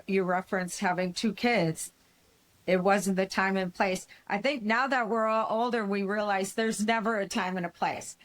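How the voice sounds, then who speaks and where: A woman co-hosting an interview, talking in a measured, reflective way. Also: medium pitch. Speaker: co-host. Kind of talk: casual interview talk.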